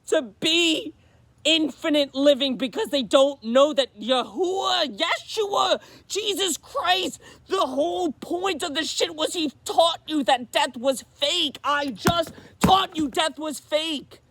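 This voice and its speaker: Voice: high voice, slow. An intense vlogger pouring out a spiritual monologue at full volume, dropping curses and slang and circling back over the same phrases. The sound is dry and close, with no room echo behind the voice. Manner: loud, intense and profane, repeating phrases; slangy, calls the listener bro and buddy.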